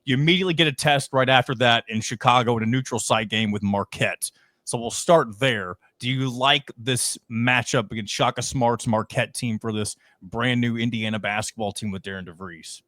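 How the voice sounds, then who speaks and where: A man's voice: mid-range voice, moderate pace, a bit bright, dry recording. A man hosting a sports podcast, setting up topics and asking questions in casual chat. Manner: leads with questions, sets up topics. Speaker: podcast host.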